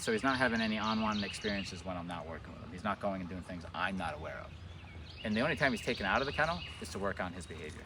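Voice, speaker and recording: A man working as a dog trainer, explaining his methods in a relaxed way outdoors and often checking in with "right?". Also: lowish voice. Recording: distant mic outdoors, faint background noise.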